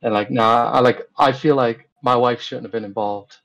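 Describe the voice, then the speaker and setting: A man's voice: mid-range voice, fairly even intonation, normal speed, vocal fry, a bit bright, rough recording. A man, a guest in an interview, recounting events in a rambling, casual way full of fillers and retold dialogue.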